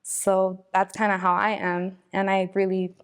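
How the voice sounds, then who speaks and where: A woman's voice: mid-range voice, flat delivery, measured pace, clear, resonant tone. A young woman, talking casually and from the heart in an interview, with many fillers. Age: 20s. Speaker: interviewee, victim's daughter. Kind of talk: emotional personal interview.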